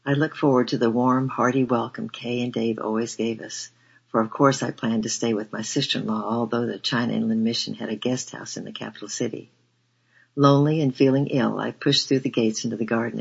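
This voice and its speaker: A man reading a first-person memoir aloud in a measured, earnest way. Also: mid-range voice, little pitch movement, creaky, slightly rough, highs cut off. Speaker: audiobook narrator.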